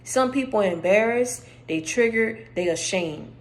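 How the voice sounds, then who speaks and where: A woman delivering a spiritual encouragement message, speaking emphatically and straight to the listener, repeating her points, with her voice going hoarse. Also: mid-range voice, animated, moderate pace, poor audio. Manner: emphatic, repeats phrases, addresses listener directly. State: losing her voice.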